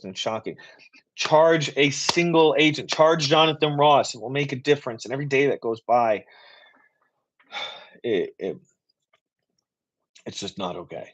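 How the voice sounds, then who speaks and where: A man hosting a live Q and A stream, talking in a passionate, rapid, rambling way. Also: medium pitch. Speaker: political writer and activist host.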